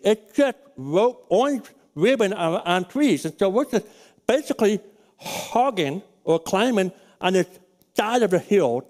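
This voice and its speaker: A middle-aged male pastor telling a personal story in a sermon, folksy and rambling, with frequent restarts. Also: high-pitched.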